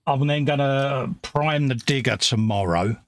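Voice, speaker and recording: Male co-host, gravelly, joking and rambling, dry close sound. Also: mid-range voice, unhurried, dry recording. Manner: jokey, rambling banter with slang. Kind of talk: casual chat. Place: home workshop.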